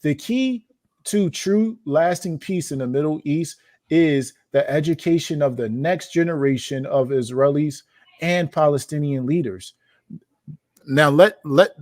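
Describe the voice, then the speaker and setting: Guy reading out quotes then going off on them, kinda high voice, dry close mic. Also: a little mellow, no echo. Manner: reads quotes aloud then comments emphatically, with rhetorical questions. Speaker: host reacting to documents. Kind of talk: commentary reading from a document.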